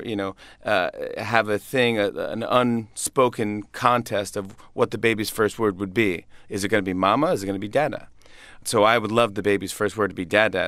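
A man's voice: lowish voice, fairly bright tone, dry recording, studio quality. A comedian in his thirties chatting in an interview, upbeat and rambling with many restarts and laughs. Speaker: comedian guest. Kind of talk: casual interview chat.

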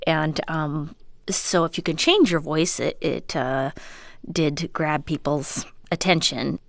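High, childlike-voiced woman comic. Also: takes it slowly, gravelly, no echo. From Minnesota, US. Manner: self-deprecating, with frequent laughs and fillers. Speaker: comedian and voice actor. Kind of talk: casual interview chat.

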